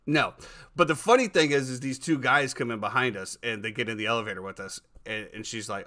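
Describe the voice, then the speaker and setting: A man hosting a casual podcast, telling animated stories and often repeating his words. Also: on the low side, a little fast. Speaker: podcast host.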